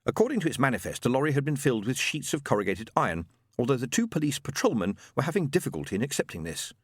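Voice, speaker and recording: A man narrating an audiobook in an expressive, wry way. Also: medium pitch, quick pace, no echo, clean studio sound. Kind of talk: scripted narration.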